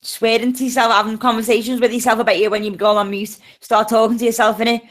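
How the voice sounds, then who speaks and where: A woman's voice: a little high, flat delivery, fast. A woman with a Liverpool accent, chatting bluntly and swearing freely as a panelist on a group video call. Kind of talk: casual chat.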